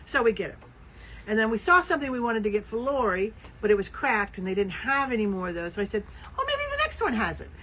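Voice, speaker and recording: A woman co-hosting a casual knitting podcast, telling stories with lively acted-out quotes. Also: mid-range voice, fast talker, a little hiss or hum, rough recording. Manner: animated storyteller, acts out quoted voices. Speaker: podcast co-host. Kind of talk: casual chat.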